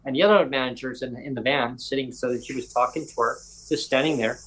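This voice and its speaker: A man's voice: medium pitch, quick pace, a bit bright, low-quality recording. A man hosting a casual chat, telling a long rambling story with lots of voiced quotes and self-corrections. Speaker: podcast host.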